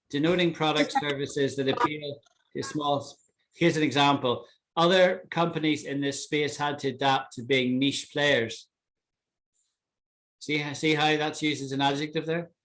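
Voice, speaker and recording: A man's voice: mid-range voice, fairly bright tone. A man teaching English vocabulary in an online class, explaining and checking in with students often. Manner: explains with many "right?" checks.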